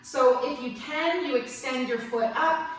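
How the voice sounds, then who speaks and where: A woman teaching a guided yoga class in a gentle, playful, encouraging way, with light jokes between the instructions. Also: high voice, measured pace. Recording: very echoey room, mic at a distance.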